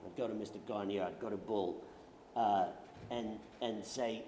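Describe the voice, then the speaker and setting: On a panel at a veterans' conference, a British actor from London spins casual stories, joking and poking fun at himself. He speaks at a moderate pace in a fairly low, steady, mellow voice, and the hall gives the recording roomy echo and faint noise.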